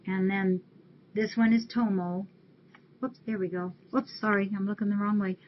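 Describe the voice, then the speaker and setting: A woman's voice: mid-range voice, steady tone, moderate pace, a little hiss or hum. A woman hosting a webcam stream, chatting casually as she reads holiday cards aloud and thanks the viewers who sent them. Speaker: shelter webcam host. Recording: dull lo-fi webcam audio.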